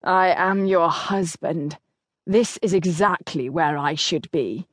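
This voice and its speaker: A woman reading the part of a grim, determined duke in an audiobook, speaking low, firm and measured. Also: fairly bright tone, no echo, studio quality.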